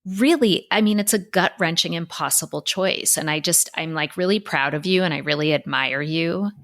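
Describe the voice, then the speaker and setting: A woman's voice: sits low, normal speed, a bit bright. A woman podcast co-host speaking in an effusive, admiring conversational way.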